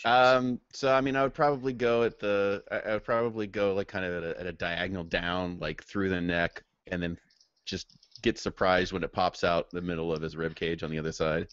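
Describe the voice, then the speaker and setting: Over voice chat, a man with a deep, clean-toned, slightly bright voice plays a tabletop game, keeping a level tone at a brisk clip. Still, he stumbles with ums and restarts, and the lo-fi mic sounds dull and dry with no echo.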